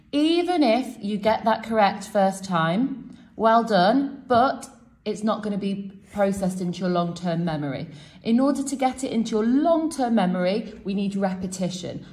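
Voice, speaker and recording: A woman's voice: mid-range voice, a little mellow. A woman teacher showing students a self-quiz method step by step and cheering them on. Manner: encouraging, explains step by step. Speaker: French teacher. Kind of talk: classroom demonstration.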